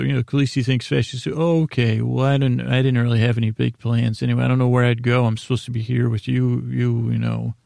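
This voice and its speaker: A man hosting a sleep podcast, giving a meandering, halting episode recap that loosely paraphrases the dialogue. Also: mid-range voice, vocal fry, a little mellow, no echo, clean studio sound. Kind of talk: rambling episode recap meant for falling asleep.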